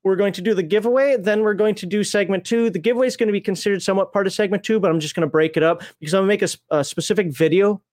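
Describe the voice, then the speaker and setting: A man's voice: high-pitched, very fast, few pauses, darkish tone, no room sound, studio quality. A man hosting a live stream, talking casually in a rambling, joking way and chuckling often. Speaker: podcast host.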